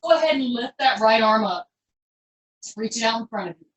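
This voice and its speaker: A woman's voice: a little high, lively intonation, fairly quick, a bit bright, a little hiss or hum. Upbeat woman coaching a workout. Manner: upbeat, chatty, encouraging coaching with folksy phrases. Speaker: fitness instructor. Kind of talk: live online workout class cueing. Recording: echoey room, voice from far off.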